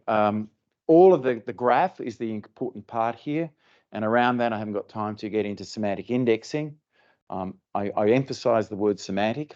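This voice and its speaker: A man's voice: fairly low pitch, a little mellow, highs cut off. A man giving a conversational presentation at a company event, often restarting and repeating words for emphasis. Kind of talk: conference presentation. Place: event room.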